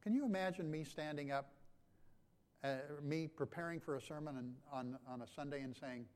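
Preacher swinging from hushed to loud. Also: male voice, mid-range voice, a little fast. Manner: swings from hushed to loud and emphatic, with repeated phrases. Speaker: pastor. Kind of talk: sermon.

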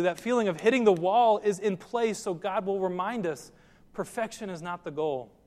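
High-voiced preacher in an echoing hall. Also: male voice, darkish tone. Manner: earnest preaching, direct questions to listeners. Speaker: pastor. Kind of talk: sermon.

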